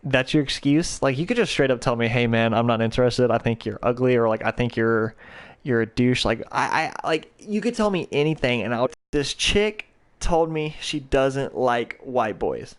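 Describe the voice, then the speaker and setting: A man's voice: medium pitch, animated, normal speed, clean tone. Slangy young man rambling. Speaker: podcast host. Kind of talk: casual storytelling monologue.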